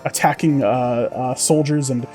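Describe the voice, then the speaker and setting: A man's voice: medium pitch, fairly even intonation, a little slow, a little mellow, soft background music. A man narrating as game master, describing scenes vividly with many fillers.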